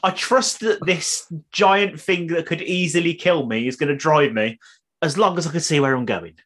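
A man's voice: a little high, moderate pace, a bit bright. A man co-hosting a podcast in casual chat, playful and teasing, often laughing. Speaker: podcast co-host.

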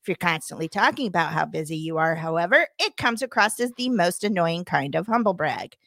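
A woman's voice: lowish voice, expressive, a little fast, gravelly, fairly bright tone, no room sound, studio quality. A woman co-hosting a podcast who chats casually, laughs often and reads out a rant from a script. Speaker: podcast co-host. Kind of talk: casual chat and reading a rant. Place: home recording room.

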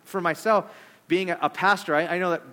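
A pastor preaching with a high voice for a man. He tells stories in an animated way, with quick asides, and moves between jokes and earnest points. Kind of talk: sermon with personal stories.

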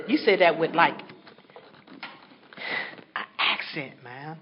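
A woman sharing her story with an audience at a recovery meeting, animated and laughing as she talks. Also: sits low, unhurried, pauses often. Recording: dull recording with a crowd behind.

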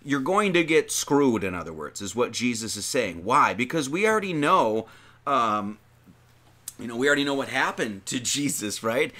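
A man preaching in a loose, conversational way, reading old verses and then breaking them down with questions to his listeners. His voice swings up and down in pitch and sounds bright and sharp. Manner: animated, slangy, reads verses then riffs with rhetorical questions. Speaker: lay preacher. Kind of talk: informal sermon on scripture.

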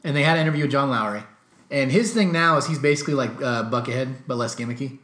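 A man's voice: medium pitch, fast, a bit bright, echoey room. A man co-hosting a casual music podcast, rambling and joking. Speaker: podcast co-host.

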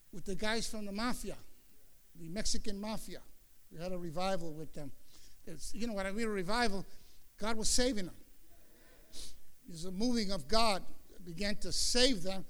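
An older man preaching a sermon as pastor, telling stories in a lively street-wise way, moving between muttered asides and loud exclamations. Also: sits high.

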